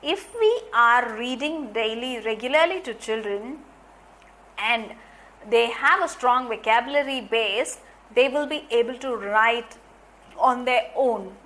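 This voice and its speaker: Slow, high-voiced woman teaching phonics. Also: a bit bright. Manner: slow, deliberate, repeats key points. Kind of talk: instructional lecture.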